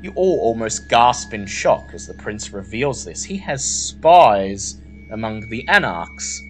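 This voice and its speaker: A man narrating a tabletop role-playing game as game master, telling the story slowly and deliberately. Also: on the low side, lively intonation, soft background music, rough recording.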